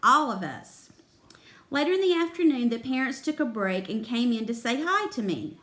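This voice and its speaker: Woman reader for a children's story, fairly high, very lively voice. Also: fairly quick. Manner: expressive, voices the characters. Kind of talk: reading a children's book aloud.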